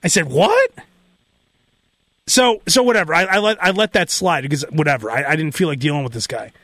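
A man, hosting a radio show and telling a story in casual, animated chat, imitating the people in it. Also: on the high side, quick pace, no echo. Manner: animated, mimics people in quotes. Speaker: radio host. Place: radio studio.

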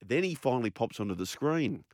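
An Australian man hosting a casual radio show on a studio microphone, chatty and enthusiastic as he runs through shout-outs and phone numbers. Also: medium pitch, lively intonation, brisk, dry recording. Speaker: radio host.

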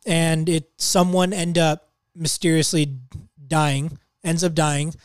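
A man with a somewhat high voice talks casually on a podcast, laying out a story in loose, slangy phrases. The sound is close and dry with no room around it. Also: little pitch movement, slow, smooth, no echo. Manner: casual, slangy plot summarizing. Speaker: podcast co-host. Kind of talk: casual chat.

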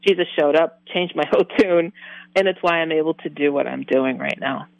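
A woman guest in an interview, telling a personal story in animated detail and acting out her own reactions with laughs. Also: deep voice, fairly quick, gravelly, dry recording, muffled recording. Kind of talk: personal testimony.

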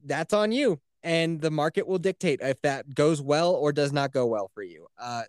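A man co-hosting a casual podcast, talking in a profane, animated way and laughing often. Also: fairly high pitch, moderate pace, no room sound, clean studio sound. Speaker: podcast co-host.

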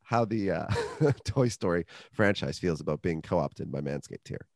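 A man's voice: low voice, unhurried, vocal fry, no room sound, clean studio sound. A man co-hosting a podcast, joking and rambling through a casual ad read and sports chat. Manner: jokey, rambling, lively. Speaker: podcast co-host.

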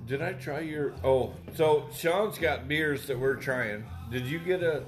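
A man's voice: fairly high pitch, a little slow, soft background music. A man co-hosting a podcast in casual chat, joking, teasing and swearing freely among friends. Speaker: podcast co-host. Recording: roomy echo.

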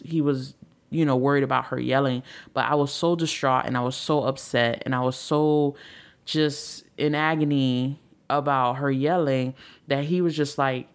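A woman in her thirties hosting a podcast, talking casually about family and marriage, full of "like" and "right?", acting out quoted lines. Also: low voice. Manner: chatty, repeats "like" and "right?", acts out quotes. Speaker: podcast host. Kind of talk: casual advice talk.

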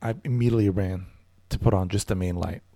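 A man's voice: low voice, fairly even intonation, quick pace, warm tone, no echo. A man telling a comedic story in casual chat, rambling and hesitant, with stammering restarts. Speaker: storyteller guest.

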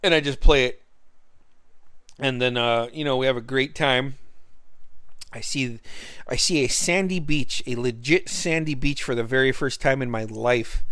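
A man's voice: mid-range voice, unhurried, long pauses, a bit bright, no room sound. A man casually telling a personal story in a laid-back, profane, chuckling way.

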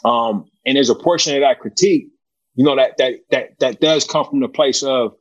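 A man from Oakland, a film director guest, answering in a halting way, repeating words and often adding "you know what I mean". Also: mid-range voice, dull audio. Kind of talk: casual interview answer.

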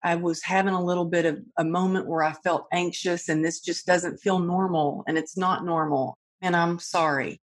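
A woman's voice: lowish voice, fairly even intonation, normal speed, hardly any pauses. A middle-aged woman hosting a conversation, openly sharing personal struggles in a confessional way. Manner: open, confessional storytelling. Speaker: podcast host.

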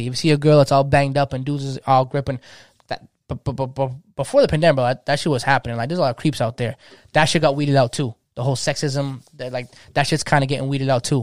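A man's voice: medium pitch, darkish tone, dry recording, studio quality. A man in his thirties, a DJ, talking passionately in casual slang and restarting his sentences often. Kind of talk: casual podcast chat.

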